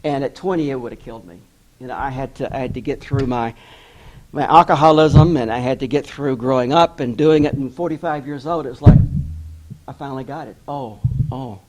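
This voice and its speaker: A man's voice: medium pitch, fairly quick, darkish tone, low-quality recording. A middle-aged man, an author, giving a candid, self-deprecating storytelling address and acting out the voices of people he quotes. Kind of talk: personal storytelling speech.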